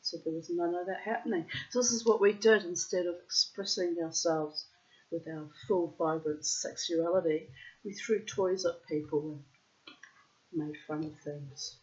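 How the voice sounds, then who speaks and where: A woman's voice: fairly low pitch, measured pace, a little mellow. Profane, rambling woman, lo-fi. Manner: profane, rambling, theatrical asides. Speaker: reader and host. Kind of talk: casual rambling monologue. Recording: dull lo-fi recording.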